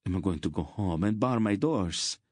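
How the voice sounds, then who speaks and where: A man's voice: sits low, animated, normal speed, a little mellow, dry recording, studio quality. A man voicing a frightened male merchant who means to hide and flee. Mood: fearful.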